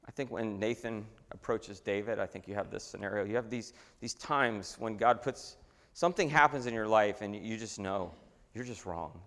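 A man preaching a sermon in a conversational, animated way, often restarting his phrases. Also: fairly low pitch. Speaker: pastor. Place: church sanctuary. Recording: long hall reverb.

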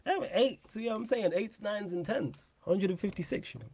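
A man's voice: high voice, normal speed, breathy edge. A young man hosting a live football podcast stream, chatting casually in slang and repeating himself, close to the mic. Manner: animated, laughing slang-heavy banter, repeats phrases. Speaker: podcast host.

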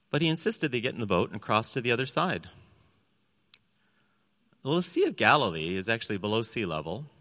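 A man with a lowish but bright, forceful voice preaches a sermon, telling the story with animation and slipping into the voices of the people in it. His words ring out with a long reverb in a large church hall. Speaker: pastor. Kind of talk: sermon with scripture reading.

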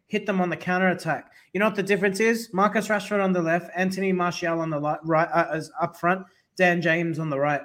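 A man hosting a casual football fan podcast, jokey and animated, reading out listeners' picks by name. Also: sits high. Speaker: podcast host.

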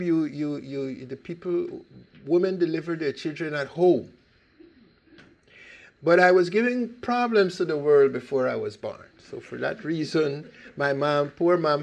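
Older Costa Rican-born man, gravelly voice, animated emphatic storyteller who restarts phrases. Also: fairly high pitch, moderate pace. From Limón province, Costa Rica. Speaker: speaker telling his life story. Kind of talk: personal storytelling talk.

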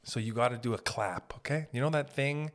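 Male podcast host, mid-pitched, rambling and self-deprecating. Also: brisk. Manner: rambling, self-mocking, drops into silly put-on voices. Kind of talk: casual solo podcast rambling. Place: home podcast setup.

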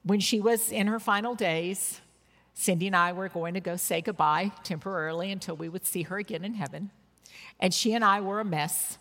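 A woman's voice: medium pitch, normal speed, a bit bright. A woman in her sixties preaching a sermon, telling personal stories earnestly with emphatic bursts. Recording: long reverb of a large hall.

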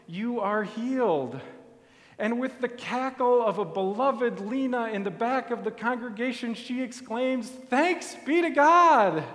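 A man preaching a sermon in a church, telling the story softly and deliberately. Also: very high voice. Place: church sanctuary. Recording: long hall reverb.

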